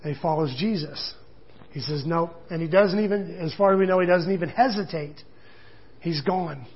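High-voiced husky male pastor preaching. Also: moderate pace, muffled recording. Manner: conversational, with casual asides and quoted voices. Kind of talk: sermon.

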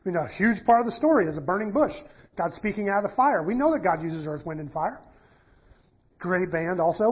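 Husky high-voiced man preaching. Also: brisk. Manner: conversational with fillers and restarts, reads scripture aloud. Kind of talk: sermon teaching. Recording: dull lo-fi sermon recording.

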